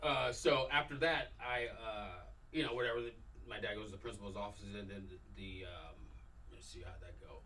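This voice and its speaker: A man's voice: lowish voice, fairly quick, pushed and bright. A middle-aged man from Los Angeles tells stories casually, acting out quotes from his youth with animation. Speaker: guest. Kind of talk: casual storytelling conversation. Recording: distant mic.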